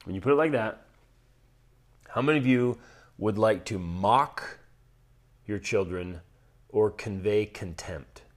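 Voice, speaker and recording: Earnest, animated male podcast host. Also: lowish voice, a little slow, pauses often. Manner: animated, earnest, swings between loud emphasis and soft intensity. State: slight cough from a chest cold. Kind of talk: motivational talk.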